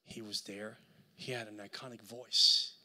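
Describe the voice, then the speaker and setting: A fairly low-pitched man with a Puerto Rican accent speaks a little slowly while preaching as a guest at a church service. His animated storytelling builds up into loud preaching.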